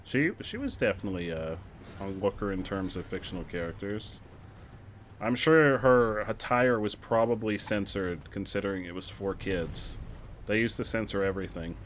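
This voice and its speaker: Young guy, low register, streamer commentary, rambling and casual, jumps up when the action hits. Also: moderate pace, a little hiss or hum. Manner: chatty, with sudden excited outbursts.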